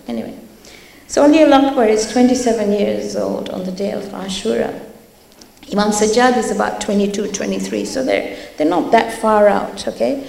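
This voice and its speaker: A woman's voice: medium pitch, expressive, moderate pace, creaky, warm tone. A woman giving an earnest religious talk, urging her listeners and telling stories. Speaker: religious lecturer. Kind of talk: religious talk to a youth audience. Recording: echoey hall with long reverb.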